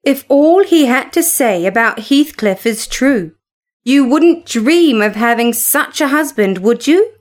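A woman reading aloud as a serious housekeeper giving a measured warning. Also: high voice, animated.

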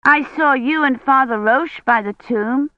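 A woman voicing a curious, eager little girl in an audiobook, with a high, questioning voice. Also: a little slow, no echo, highs cut off.

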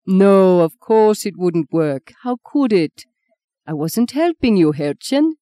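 A woman reading the part of a tender man with a German accent, speaking softly and low. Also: expressive, takes it slowly, no room sound. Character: tender German man, soft-spoken lover.

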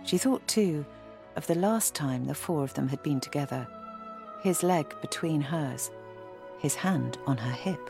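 Low-voiced woman reading a novel. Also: lively intonation, unhurried, gravelly, over music. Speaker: audiobook reader. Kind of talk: scripted narration.

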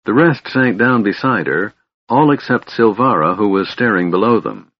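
A man narrating a fantasy audiobook in a steady, even reading voice. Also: fairly low pitch, moderate pace, husky, no room sound, dull audio.

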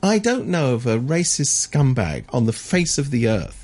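A man's voice: mid-range voice, big pitch swings, moderate pace, a little mellow, husky. A man co-hosting a morning radio show, talking indignantly and sardonically about the news in a studio. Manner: indignant, sardonic, mimics voices to mock. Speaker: radio co-host. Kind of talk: opinionated radio chat.

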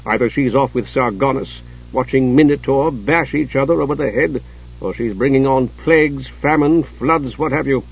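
A man voicing a scheming male god of trade, persuasive and mock-innocent, with a husky voice. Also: medium pitch, normal speed, lo-fi sound.

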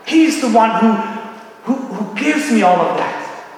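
A man's voice: very high-pitched, lively intonation, a little slow, slight background noise. A man preaching a sermon as pastor, earnest and personal, acting out little bits of dialogue. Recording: echoey hall, distant mic.

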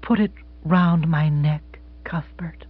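A man reading an audiobook who voices an emotional, romantic woman with high, breathless cries. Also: expressive, very slow, exaggerated voice. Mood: whispering. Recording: dull, dry close recording.

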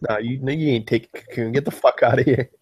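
A man's voice: medium pitch, fairly even intonation, quick pace, a little mellow, a little hiss or hum. A man co-hosting a casual movie podcast, enthusiastic and profane. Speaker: podcast co-host. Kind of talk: casual movie review chat.

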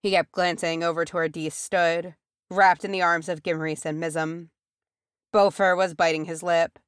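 Woman, low voice, audiobook narration, character voices, dry close recording. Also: clear, resonant tone, no room sound. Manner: voices characters with pitch shifts. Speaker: audiobook reader. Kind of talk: fan fiction audiobook narration.

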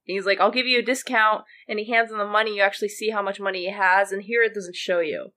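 A woman's voice: mid-range voice, level tone, fast, sharp tone. A woman who is a stand-up comedian from Seattle, chatting casually about anime and laughing often. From Seattle, Washington. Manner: giggly, laughs through her retelling.

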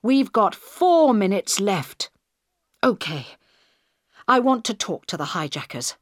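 A woman reading the part of a female prime minister in a crisis, loud, urgent and commanding. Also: mid-range voice, very animated, slow, dry recording, studio quality, voice pushed up.

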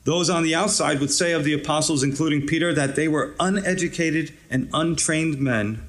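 A pastor preaching a conversational, encouraging sermon, often adding "you know" and "right". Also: male voice, on the high side, fairly even intonation, moderate pace, hardly any pauses, a bit bright.

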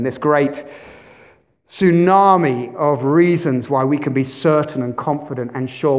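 A man preaching a sermon as pastor, animated, with big swings in loudness and questions put to the congregation. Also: medium pitch. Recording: dull lo-fi sermon recording.

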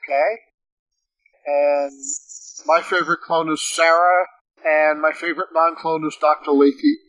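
A woman's voice: sits low, fairly even intonation, a little slow, a bit bright, dry recording, rough recording. A woman hosting a casual podcast, calling on each panelist in turn. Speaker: podcast host.

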